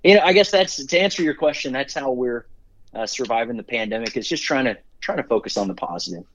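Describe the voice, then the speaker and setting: Fast and expressive, with a medium-pitched, slightly bright voice, a middle-aged company CEO rambles upbeat through interview stories, with frequent fillers and restarts. The recording has a dull lo-fi quality.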